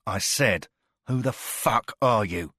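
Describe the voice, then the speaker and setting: A hard, menacing British ex-soldier, played by a male audiobook reader. He growls his threats in a very deep, low voice, close and dry with no room around it, and rises only to bark when pressed. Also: slow pace, bright, forceful tone, no room sound, exaggerated voice.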